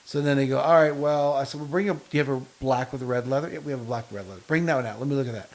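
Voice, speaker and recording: A man chatting casually on a podcast as a co-host. He spins long, lively stories and acts out the other people in them with quoted lines. His voice sits at an ordinary middle pitch. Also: rapid-fire, hardly any pauses. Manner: long animated anecdotes with quoted dialogue. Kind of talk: casual chat.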